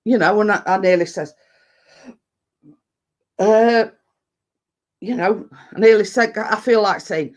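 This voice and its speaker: Rambling deep-voiced Yorkshire woman. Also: slow pace, long pauses. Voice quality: a bit deep. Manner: rambling, full of fillers and restarts. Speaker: livestream host. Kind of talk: casual live chat.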